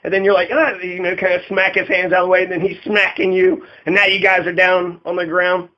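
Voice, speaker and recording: A man's voice: high voice, little pitch movement, a little fast. A man giving casual political commentary, rambling and profane, laughing often and acting out quotes in a raised voice. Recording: dull lo-fi audio.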